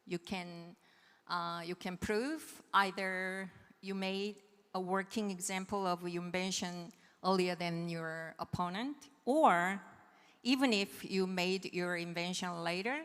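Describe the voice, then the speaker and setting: Female seminar presenter, unhurried explanatory delivery, long hall reverb. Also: mid-range voice, a bit bright, smooth. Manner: patient, checks understanding with "right?". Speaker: seminar presenter on patent law. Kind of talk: explanatory technical lecture.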